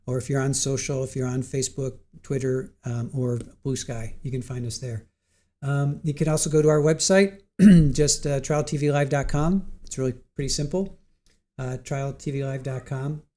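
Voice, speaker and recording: Speaking to his live chat viewers in a warm, medium-pitched voice, the middle-aged host of this livestream keeps things casual. He's tired after a long day, so he comes across giggly and punch-drunk, saying the same things again.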